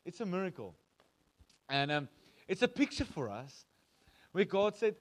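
Animated South African pastor, higher voice. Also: male voice, measured pace, pauses often. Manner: conversational, animated storytelling with quoted voices. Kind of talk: sermon.

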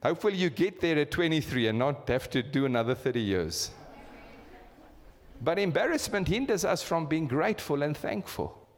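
A man's voice: a little high, big pitch swings, normal speed. A man in his fifties with a South African accent, preaching a sermon and putting rhetorical questions to his congregation. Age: 50s. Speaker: pastor. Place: church hall. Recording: long reverb of a church hall.

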